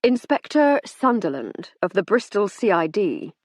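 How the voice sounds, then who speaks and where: A dutiful male police inspector, as a woman narrator puts him on, polite and firm with a patient manner. The husky voice moves lively through its range, recorded dry and close. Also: medium pitch, a little slow, no room sound.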